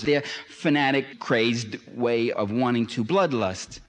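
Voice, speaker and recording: A man's voice: medium pitch, a little slow, few pauses. A man giving a public lecture, sardonic and dry, building to impassioned emphasis. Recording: long hall reverb.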